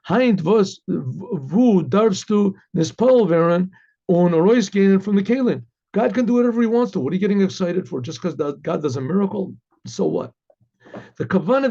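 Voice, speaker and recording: A man teaching a Hasidic discourse as a rabbi, telling a story with lively acted dialogue and dropping in Yiddish phrases. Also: high voice, gravelly, lo-fi sound. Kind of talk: informal Torah lecture with story.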